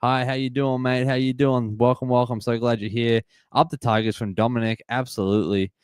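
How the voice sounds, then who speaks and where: A man in his twenties with an Australian accent, hosting a live sports watch-party stream and chatting excitedly while reading out and greeting viewers from the chat. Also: mid-range voice, fairly quick, clean tone, no echo. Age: 20s. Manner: upbeat, reads and greets chat viewers, repeats phrases. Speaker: livestream host.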